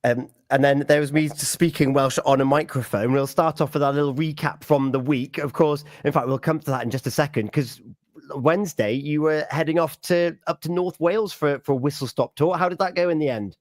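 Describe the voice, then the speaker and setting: Male breakfast radio host, slightly high voice, relaxed, dry close studio sound. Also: fairly quick, dry recording. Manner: relaxed, hesitant with fillers.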